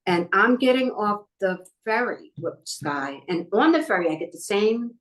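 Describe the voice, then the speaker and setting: In a medium-pitched voice at normal speed, a middle-aged woman from New York, a talent manager on as a guest, recounts personal stories in a relaxed interview. She's animated and voices the people she describes.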